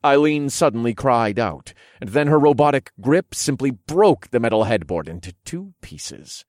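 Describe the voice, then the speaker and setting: A man narrating an erotic story in the first person, in a low, hushed, unhurried way, recorded close and dry. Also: lively intonation, dry recording.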